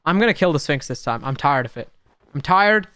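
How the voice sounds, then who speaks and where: A young man giving casual, excitable gameplay commentary, talking to the creatures on screen and swinging between muttering and sudden shouts. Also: medium pitch, fast talker, dry recording. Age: young adult. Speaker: gaming YouTuber.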